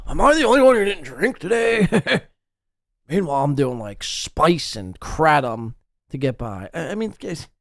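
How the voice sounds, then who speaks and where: A man hosting a podcast, ranting and mocking his guests with a lively, swooping delivery. His voice sits fairly high and sounds dry and close. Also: measured pace, gravelly, no echo. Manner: mocking, ranting, animated impressions. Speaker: podcast host. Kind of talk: casual commentary over a group call.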